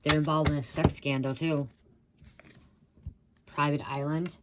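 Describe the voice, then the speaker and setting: A woman's voice: low voice, flat delivery, measured pace, very noisy. A woman giving a rambling channeled psychic reading, blurting out words she hears and swearing casually. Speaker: psychic reader.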